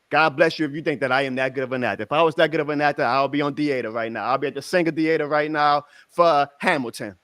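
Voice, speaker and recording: Emphatic high-voiced man ranting on sports. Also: no room sound. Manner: emphatic, sarcastic, swings between loud outbursts and low muttering. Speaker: sports show host. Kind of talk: ranting sports talk stream.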